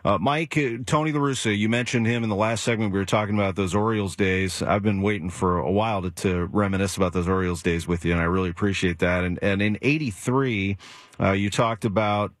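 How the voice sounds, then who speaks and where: A male radio host speaks with a lowish voice, close and dry on a studio microphone. He chats with easy enthusiasm, running the show's segments and leading his guest with questions. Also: brisk, dry recording. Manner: enthusiastic, conversational. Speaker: radio talk show host. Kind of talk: radio show hosting.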